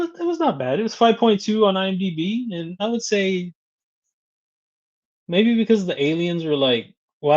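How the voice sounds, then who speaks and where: Man, fairly high voice, lively up-and-down delivery, casual stream chat, laughs a lot. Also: highs cut off. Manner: chatty, reads out viewer comments and greets them; laughs often between remarks. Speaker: live stream host.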